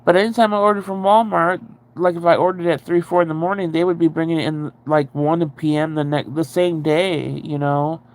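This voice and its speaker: A woman's voice: low voice, fairly even intonation, brisk, darkish tone. Rambling, chatty woman on a livestream. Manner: rambling and chatty, reads and answers viewer comments, swears casually. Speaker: livestream host. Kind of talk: casual livestream chat.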